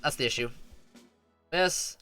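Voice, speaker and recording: A man's voice: a little slow, pushed and bright, dry recording, soft background music. A man streaming a strategy game, giving playful, rambling commentary that stumbles over restarts.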